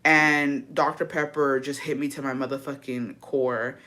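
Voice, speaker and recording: Her voice rumbles low yet sounds bright and forceful, holding a steady tone at an unhurried pace. This vlogger chats casually to camera with her viewers, cursing, being dramatic, and mixing Spanish phrases into her English.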